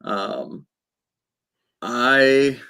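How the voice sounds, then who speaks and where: A man in a casual sports chat, measured and a bit hesitant. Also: medium pitch, bright, forceful tone, clear, resonant tone.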